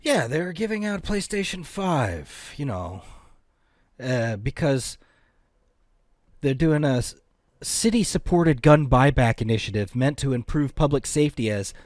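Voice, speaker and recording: A man's voice: mid-range voice, expressive, measured pace, darkish tone, no echo, studio quality. A man co-hosting a podcast, rambling and laughing through casual banter. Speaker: podcast co-host.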